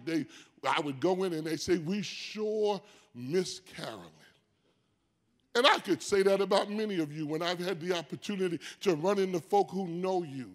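An older man pastor preaching a sermon in a distinctive high voice, rising into shouted, sing-song preaching. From United States. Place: church sanctuary.

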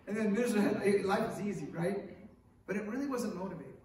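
Echoey distant male preacher, animated delivery. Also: sits high, fairly quick. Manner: lively storyteller with acted quotes and asides. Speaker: pastor. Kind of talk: sermon. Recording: echoey room picked up from a distance.

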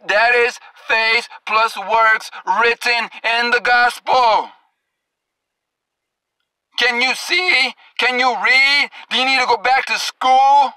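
A man's voice: very high-pitched, very slow, sharp tone, clear, resonant tone, no room sound, low-quality recording. A male preacher delivering an angry, confrontational sermon, scolding and cursing at his listeners and drawing out scripture verses for emphasis.

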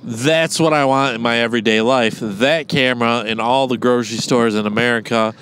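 Michigan dude co-hosting a podcast, swearing, mock-angry rants, faint hiss behind. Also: male voice, mid-range voice, fairly even intonation, a little fast, fairly bright tone. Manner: profane, mock-ranting. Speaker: podcast co-host. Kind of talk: casual podcast banter.

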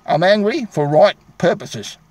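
An Australian man rants into the camera, angry and combative, circling back to the same points again and again. His voice sits high for a man, and the sound is close and dry with almost no room around it. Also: lively intonation, measured pace, no room sound. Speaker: vlogger. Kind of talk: angry direct-to-camera rant.

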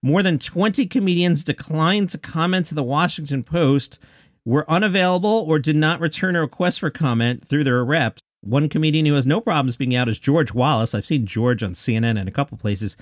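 A man's voice: fairly high pitch, fairly quick, dry recording, studio quality. A man hosting a daily comedy news podcast, reading out quotes and adding wry asides. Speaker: podcast host.

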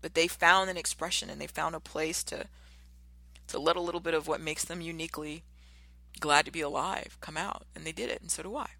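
A woman hosting a motivational podcast, talking passionately and emphatically, and slowing down to stress her key words. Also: low voice, fairly even intonation, vocal fry, pushed and bright, no echo. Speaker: podcast host.

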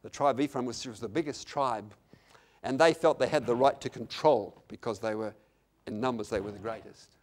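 An older man preaching a sermon, repeating lines for emphasis and swinging from quiet, intimate passages to loud, emphatic ones. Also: mid-range voice, a little fast.

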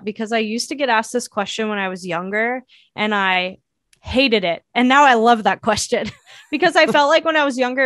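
A woman speaks as a guest on an interview, reflective and thoughtful, often circling back and restarting her sentences. Her voice sits at a medium pitch and sounds close and dry, with no room echo. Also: fairly bright tone. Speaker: saxophonist and educator, guest. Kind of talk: interview answers.

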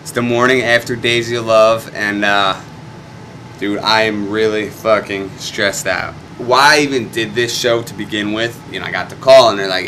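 A young man, a stuntman, telling a rambling, profane story in casual chat the morning after a wild night, getting loud and excited as he acts out the fights. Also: fairly low pitch, moderate pace, slight background noise. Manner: profane, excitable, swings loud when reenacting. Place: hotel room.

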